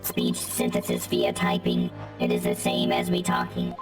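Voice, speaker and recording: Synthetic voice as a robotic male bomb specialist, text-to-speech, extremely deep and flat, game music behind. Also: normal speed, rough recording. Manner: flat, clipped, monotone statements.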